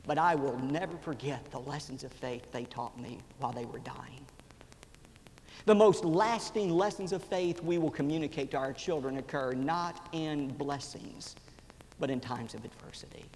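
A man in his forties preaching a sermon as a pastor, telling a story with drama, swelling loud and then dropping to a whisper. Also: on the high side, normal speed. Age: 40s. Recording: reverberant hall, faint background noise.

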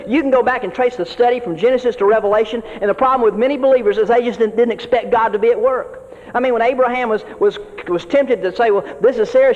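A man whose voice is very high-pitched yet darkish in tone preaches to other ministers as a pastor. He is folksy and earnest, repeating words often as he constructs his points. Dull audio and a long hall reverb mark the recording.

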